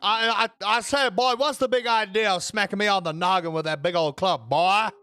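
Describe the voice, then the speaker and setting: A man doing an impression of a blustery male cartoon rooster, with a booming Southern drawl and stammered "I say" phrases. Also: moderate pace, bright, forceful tone, clean tone. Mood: blustering.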